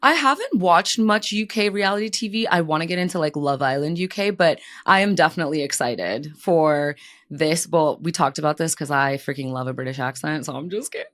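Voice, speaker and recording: A woman's voice: deep voice, expressive, a little fast, a bit bright. A woman co-hosting a podcast in casual chat, laughing often as she talks. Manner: giggly, laughs often between lines. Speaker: podcast co-host.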